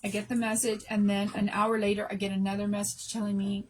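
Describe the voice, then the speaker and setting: A woman's voice: mid-range voice, little pitch movement, fast, a little mellow, slight background noise, rough recording. A middle-aged woman hosting a craft channel, talking to her viewers in an emotional, rambling way and restarting sentences, worn out from no sleep. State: exhausted from no sleep. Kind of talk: casual live chat to viewers.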